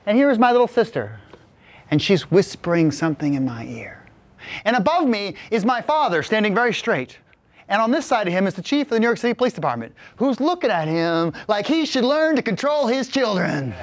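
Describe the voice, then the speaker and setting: A man in his forties telling a comic story, animated and full of vocal sound effects. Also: sits high, a little fast. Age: 40s.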